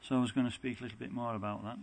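A man gives a devotional lecture in a middling, ordinary voice. He talks haltingly, often stopping to restart or correct himself as he explains a scripture story. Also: mid-range voice, little pitch movement, creaky, slight background noise.

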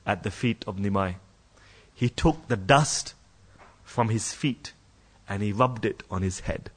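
A man giving a scripture class, telling a story in an animated way and repeating key phrases for emphasis. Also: a little high. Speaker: religious lecturer.

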